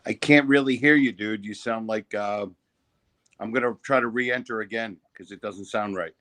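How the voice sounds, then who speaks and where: A man's voice: fairly low pitch, normal speed, a bit bright. Hesitant man from New Jersey, chatting. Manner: hesitant, full of fillers. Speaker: guest comedian. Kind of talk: casual chat on a video call.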